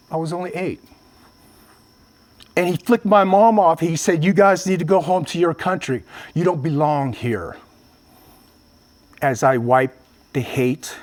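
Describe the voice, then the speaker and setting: A man from Vietnam giving a public talk, telling a personal story earnestly and addressing the audience directly. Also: a little high. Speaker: motivational speaker. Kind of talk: public speech.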